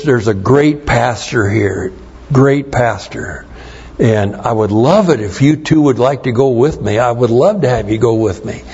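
A middle-aged man preaching a sermon, teaching slowly and with heavy emphasis, his voice a little strained. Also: lowish voice, a little mellow, slightly rough, lo-fi sound. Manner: slow, emphatic Bible teaching with repeated stresses. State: strained voice, coughing. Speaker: pastor.

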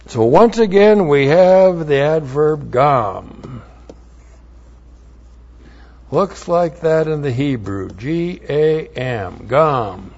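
A man with a slightly high voice teaches scripture verse by verse, reading passages aloud with emphasis. As a Bible teacher, he spells out Hebrew words letter by letter. The audio has its highs cut off.

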